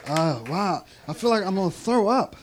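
Heavy background noise surrounds a comedian performing stand-up in a club, his high-pitched voice lively and moderately paced. He rambles, curses, and laughs between lines while his mouth dries out, and the loud audience reacts in the live recording.

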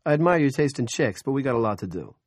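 A man voicing a rough, bullying male cop who barks crude, contemptuous orders in an audiobook. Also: mid-range voice, big pitch swings, quick pace, dry recording, studio quality, voice pushed up.

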